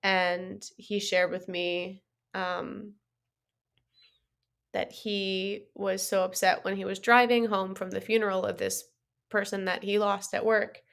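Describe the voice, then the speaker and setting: A woman's voice: medium pitch, level tone, takes it slowly, vocal fry. A woman who is a therapist, co-hosting a podcast in casual chat, often affirming with short murmurs. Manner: warm listener, lots of affirming murmurs.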